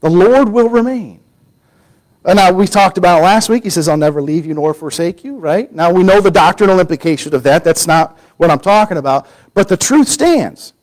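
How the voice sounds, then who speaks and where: A man preaching a Sunday sermon, telling a story with lively acted-out quotes and sudden drops to a hushed voice. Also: sits high, moderate pace, low-quality recording. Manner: animated storytelling, acting out quoted voices, drops to a near-whisper for emphasis.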